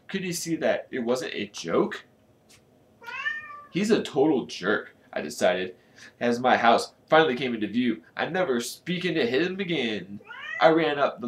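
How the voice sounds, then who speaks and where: A man casually reading a storybook aloud, with a lively delivery and joking asides. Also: mid-range voice, a little hiss or hum. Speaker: channel host reading aloud.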